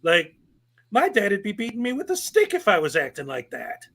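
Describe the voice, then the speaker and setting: A man hosting a casual talk show, speaking with animated energy and often repeating words as he starts a thought. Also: high voice, moderate pace. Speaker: host. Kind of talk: casual chat.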